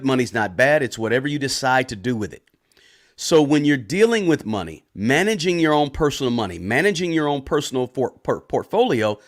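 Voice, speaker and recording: A medium-pitched man hosts a personal finance channel, answering viewer questions live. He talks loudly and casually, often restarting sentences and frequently closing points with a tag question.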